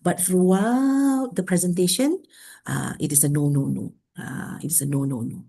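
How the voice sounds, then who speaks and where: Lively lower-voiced woman with Malaysian English. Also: normal speed, gravelly. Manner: lively, peppers talk with "okay". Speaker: workshop speaker. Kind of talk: lecture.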